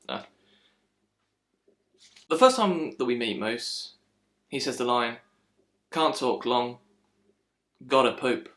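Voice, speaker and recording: A man's voice: medium pitch, lively intonation, a little slow, pauses often, fairly bright tone. A man giving a casual, frustrated film critique, slipping into mocking impressions. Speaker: film reviewer.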